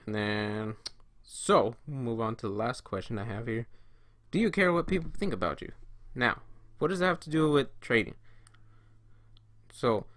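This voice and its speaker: A man with an average-pitched voice talks in a loose, conversational way, like a coach explaining things. The sound is dry and close, with almost no room echo. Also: animated, moderate pace, pauses often, fairly bright tone. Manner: conversational, acts out inner voices and quoted friends. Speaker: trading coach. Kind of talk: casual solo talk to camera.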